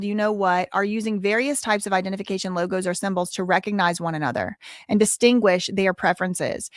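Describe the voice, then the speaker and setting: A woman's voice: medium pitch, no echo. A woman hosting a casual livestream, with a mid-range voice and an easy, exclamatory way of talking. She reads viewer messages and documents aloud, stopping often to react. Her voice sits close and dry, with no room sound. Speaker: livestream host.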